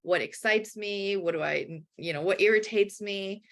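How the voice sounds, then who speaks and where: A woman life coach telling a personal story in an animated way, acting out quoted voices and often saying "like". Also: mid-range voice, moderate pace. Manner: acts out quoted voices, frequent "like".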